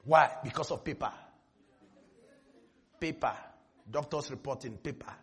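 A male preacher voicing a frightened churchgoer who mutters in a low, quiet voice. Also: takes it slowly, slightly rough, exaggerated voice. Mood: despairing.

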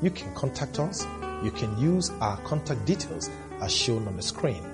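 A man's voice: medium pitch, big pitch swings, normal speed. A man closing a religious program and leading listeners through a prayer of salvation, speaking earnestly. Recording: guitar music behind.

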